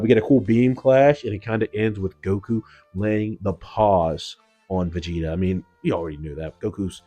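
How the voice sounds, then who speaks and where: A man's voice: on the low side, a little mellow. A man giving a casual, slangy recap of an anime episode, loose and full of "like" and "yo". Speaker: anime reviewer.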